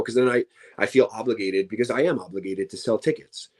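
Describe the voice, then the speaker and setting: A man's voice: lowish voice, fast, darkish tone, slightly rough. A man, a professional wrestler, chatting casually as an interview guest, tired and rambling with many restarts and fillers. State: tired, yawning.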